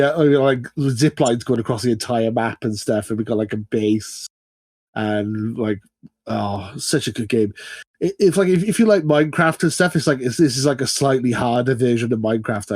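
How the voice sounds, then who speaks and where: A man's voice: medium pitch, darkish tone, breathy edge, no echo. A British man co-hosting a podcast, chatting casually and animatedly, laughing often and trailing into fillers. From United Kingdom. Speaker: podcast co-host. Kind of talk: casual chat.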